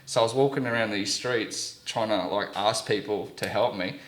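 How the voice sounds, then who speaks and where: Rambling Australian man, low voice, echoey room. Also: normal speed, fairly bright tone. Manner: rambling anecdotes full of "like" and acted-out quotes. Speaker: guest. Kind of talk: casual storytelling chat.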